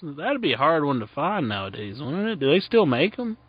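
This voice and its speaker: A man's voice: on the high side, very animated, a little fast, slightly rough, dry recording. A man co-hosting a wrestling talk radio show, teasing callers and laughing along. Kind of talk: casual talk radio banter. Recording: dull lo-fi sound.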